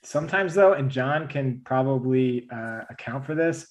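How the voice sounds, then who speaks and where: A man chatting casually on a panel of illustrators, restarting his sentences and laughing as he argues his point. His pitch sits in an ordinary middle range. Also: lively intonation. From Kansas City area. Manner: defensive, laughing, halting restarts.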